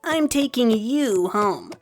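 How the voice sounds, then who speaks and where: Girl doing a tough tomboy pony, short firm lines, little bit higher voice, soft music under it. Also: expressive, slow. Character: brash tomboyish female pegasus pony, impatient. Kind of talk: fan-fiction audio reading.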